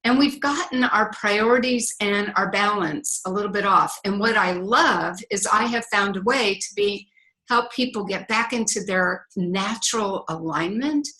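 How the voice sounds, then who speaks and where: A woman's voice: medium pitch, measured pace, sharp tone, poor audio. A middle-aged woman, a relationship coach, talking as a podcast guest in a reflective way with some fillers. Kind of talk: podcast interview.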